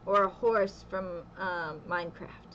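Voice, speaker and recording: A woman's voice: fairly low pitch, steady tone, unhurried, a bit bright, lo-fi sound, a little hiss or hum. A young woman telling a story in a casual vlog at home, chatty and laughing often, with "okay" again and again. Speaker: vlogger.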